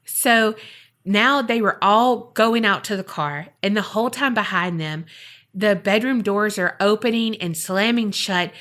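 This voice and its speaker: A woman podcast host tells a paranormal tale in a relaxed, chatty way. Her voice sits at a middle pitch and she bounces into quick impressions of the people she is describing. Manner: lively, acts out quoted voices. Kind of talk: casual storytelling.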